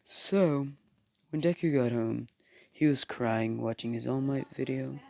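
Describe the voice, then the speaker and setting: A man's voice: medium pitch, measured pace, creaky, bright, forceful tone. A man telling a fan story casually, rambling with fillers and correcting himself.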